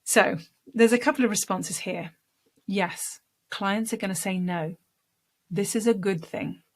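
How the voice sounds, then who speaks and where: Female speaking coach, chatty direct-to-camera lesson, demonstrates techniques, medium pitch. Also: measured pace.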